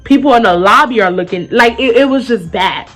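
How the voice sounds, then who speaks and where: A young woman telling a casual, profane storytime, loudly acting out what people said. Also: on the high side, fairly quick, soft background music. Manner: animated, profane, acts out quotes loudly.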